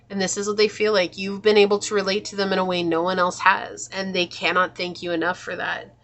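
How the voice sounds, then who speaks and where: A woman's voice: medium pitch, little pitch movement, brisk, hardly any pauses, bright, forceful tone. A woman giving a tarot reading in an earnest, emotional, spiritual way. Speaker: tarot reader.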